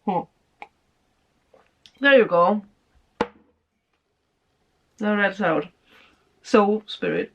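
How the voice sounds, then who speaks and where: A woman chats her way through a casual tarot reading, laughing often and acting out the reactions she describes. Her voice sits at a middle pitch, and the recording sounds a little dull and lo-fi. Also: drawn-out words, creaky, long pauses, fairly bright tone. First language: Danish. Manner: chatty, laughs often, acts out quoted reactions. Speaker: tarot reader.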